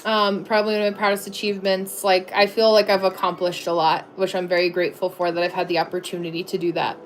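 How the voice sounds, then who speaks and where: A woman's voice: on the low side, little pitch movement, fast, a little hiss or hum. A woman in her thirties chatting casually on a livestream, answering viewers with lots of fillers and restarts.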